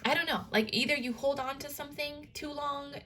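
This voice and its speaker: A woman's voice: sits high, steady tone, brisk, pushed and bright, a little hiss or hum. Rambling, casual young woman tarot reader. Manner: rambling, heavy on filler words, swears casually. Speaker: tarot reader and spiritual coach.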